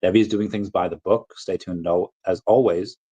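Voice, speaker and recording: A man's voice: low voice, steady tone, moderate pace, dark tone, husky, lo-fi sound. A man hosting a casual livestream, reading viewer comments and rambling off on tangents. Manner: rambling, easily sidetracked, self-interrupting. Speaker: crypto livestream host.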